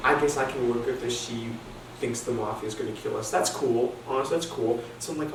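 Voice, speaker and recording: A man's voice: mid-range voice, a little fast. Young male comic in an echoey room. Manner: animated storytelling, nervous repetitions and restarts. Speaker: stand-up comedian. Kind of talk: stand-up storytelling. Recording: echoey room, distant mic, faint noise.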